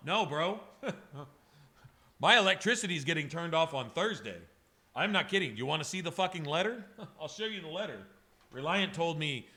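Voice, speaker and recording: A little high with a sharp edge, the voice belongs to a man airbrushing on a livestream from home. His talk is rambling, profane, and emotional, aimed casually at viewers he greets by name.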